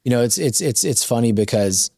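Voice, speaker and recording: Male podcast host in his thirties, emphatic and fired up, mid-pitched voice, dry close sound. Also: brisk, vocal fry, breathy edge, dry recording. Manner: animated, emphatic, motivational. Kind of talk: casual interview talk.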